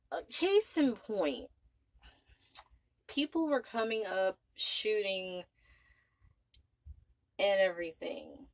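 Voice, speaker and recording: A woman's voice: mid-range voice, animated, slow pace, vocal fry, pauses often, poor audio. A woman hosting a podcast, recapping a vampire film in a rambling, profane, casual way. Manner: rambling, profane, full of "you know" and "like". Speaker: podcast host.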